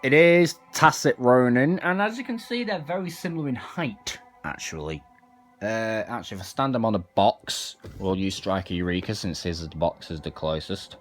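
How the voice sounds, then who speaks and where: A man's voice: fairly low pitch, animated, normal speed, faint music behind. A man casually reviewing an action figure, chatting as he demonstrates its parts. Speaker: toy reviewer.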